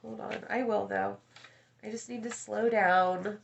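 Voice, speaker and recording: A woman's voice: mid-range voice, steady tone, unhurried, vocal fry, a little hiss or hum. A woman coach chatting casually on a live stream, rambling and addressing viewers by name, with casual swearing. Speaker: life coach hosting a live session.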